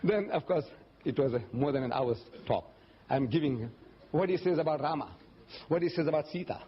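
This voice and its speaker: An older man, a little fast and husky, answers audience questions during a religious lecture. His stories are animated, and he regularly pitches his voice up to act out the words of those he quotes, all in a dull, lo-fi lecture recording.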